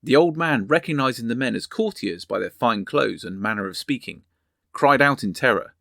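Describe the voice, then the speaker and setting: A man narrating a history lesson, reading from sources and a novel in a measured storytelling way. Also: mid-range voice, lively intonation, vocal fry, a bit bright, no room sound, clean studio sound.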